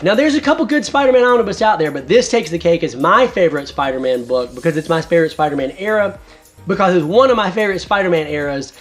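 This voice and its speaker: A man in his thirties hosting a casual video review, talking enthusiastically. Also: high voice. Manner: enthusiastic, animated. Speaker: host.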